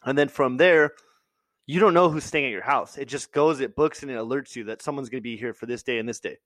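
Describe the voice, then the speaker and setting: A man's voice: medium pitch, fast talker, a bit bright, no room sound. A man telling a story in casual chat, swearing and acting out the people he quotes.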